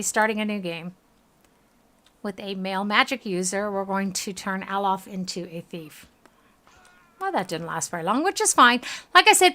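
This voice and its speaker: A woman's voice: medium pitch, pushed and bright. A tired woman with a Southern US accent, chatting casually to her stream while playing and reading game text aloud.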